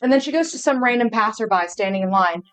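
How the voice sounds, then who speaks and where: A woman's voice: fairly high pitch, lively intonation, fast, clear, resonant tone, soft background music. Woman player voicing her character. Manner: shifts between narrating her character and pleading in a tearful put-on voice. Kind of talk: tabletop role-play in character.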